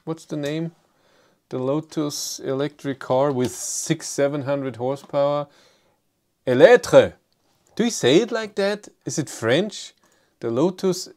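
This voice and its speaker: This middle-aged man with a German accent hosts a live stream, his voice on the high side and a little mellow. He reads chat questions aloud and answers viewer comments casually and haltingly, with many fillers and restarts.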